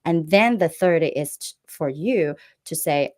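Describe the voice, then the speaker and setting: A woman's voice: deep voice, animated, a little slow, few pauses. A woman giving earnest business advice as an interview guest, often checking in with "right?". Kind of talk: interview answers.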